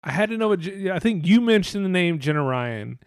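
A man's voice: high voice, animated, brisk, smooth, no room sound, clean studio sound. A man co-hosting a casual talk show, rambling and sarcastic, swearing often and mimicking other people's voices. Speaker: podcast co-host. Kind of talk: casual profane chat.

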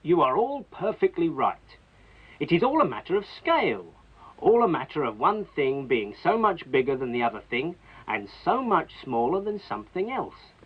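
A calm wise old toad. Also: male voice, a little high, normal speed, breathy edge. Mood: patient. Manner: gently reasoning, explanatory. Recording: dull lo-fi 1970s TV sound.

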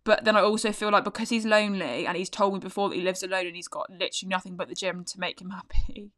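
A woman chatting casually at a rapid clip, hardly stopping to breathe. Her voice is bright and forward, and she laughs easily and swears casually between thoughts. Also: medium pitch, fairly even intonation. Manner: talks fast, barely pausing for breath. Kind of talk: casual chat.

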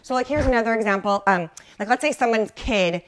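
A mom life coach hosts a live coaching show for mothers in a fairly quick voice on the high side. She's chatty, greets viewers by name, keeps asking "right?" and says "like" a lot.

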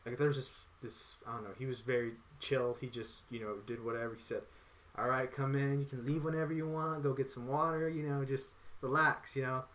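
A man's voice: medium pitch, fairly even intonation, a little fast, fairly bright tone. A man telling a story in casual chat, rambling with lots of filler words and acting out the lines of the people in it. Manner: rambling, acts out quoted dialogue.

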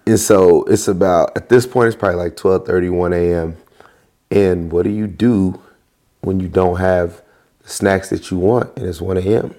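A young man, a podcast guest and worship leader, telling a story casually in an animated, slangy way. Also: deep voice, moderate pace.

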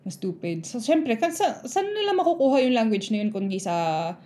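A woman's voice: a little high, big pitch swings, brisk, dark tone. A woman, a teacher telling a story in casual chat and acting out the people in it. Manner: mixes languages, acts out quoted kids and adults.

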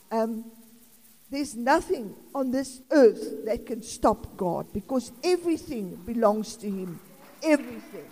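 A woman's voice: a little high, lively intonation, a little slow, dark tone. A South African woman in her sixties preaching an informal sermon in a chatty, rambling way with laughing asides. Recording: long reverb of a hall.

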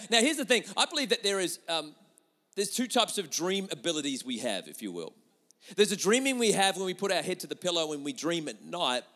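High-voiced chatty male pastor preaching. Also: in a large hall. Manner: animated, chatty, with many restarts, addressing the audience. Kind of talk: sermon with storytelling.

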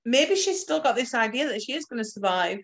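A woman's voice: on the high side, expressive, a little fast, a bit bright. Chatty woman on a film podcast. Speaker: podcast co-host. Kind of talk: casual film discussion.

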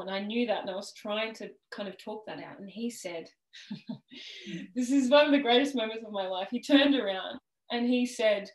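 A woman's voice: fairly high pitch, normal speed. Woman telling her story in a roomy space. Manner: animated storytelling, laughs often. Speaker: podcast guest, worthiness coach. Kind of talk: casual interview chat. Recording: roomy echo.

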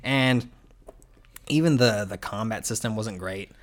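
Rambling, animated man in casual chat. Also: lowish voice, a little slow. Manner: rambling, lots of "like" and restarts, animated retelling.

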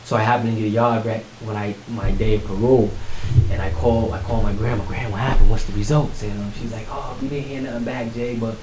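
A man casually telling his life story in conversation, animated, acting out what others said. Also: fast. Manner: animated, acts out quotes with rising pitch. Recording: echoey room with faint hiss.

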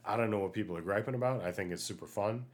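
A man hosting a solo podcast, chatting casually and ranting in an animated way, with many fillers, while getting over an illness. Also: on the low side, very fast. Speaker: podcast host.

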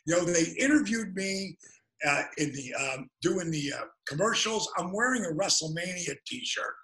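High, bright-voiced storytelling man. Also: rough recording. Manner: animated, fast-moving storyteller with restarts. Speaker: guest. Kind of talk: interview storytelling.

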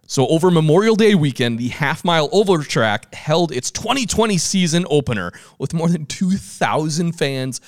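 A man with a Southern US accent reads news items in a casual chat, laughing easily along the way. His voice sits slightly high, and the pitch moves around a lot. The sound is dry and close. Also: lively intonation, moderate pace, hardly any pauses, no room sound. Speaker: host reading news stories.

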